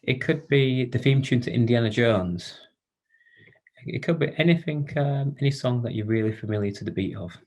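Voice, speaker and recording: Over a video call, a man leads an online workshop for carers in a gentle, welcoming manner, frequently hesitating and restarting. His pitch is medium and his pace moderate.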